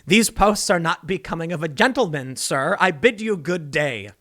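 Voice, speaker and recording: A man putting on a prim, formal gentleman voice with a mock-British tone, lower and quieter than his own. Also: lively intonation, normal speed. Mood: haughty.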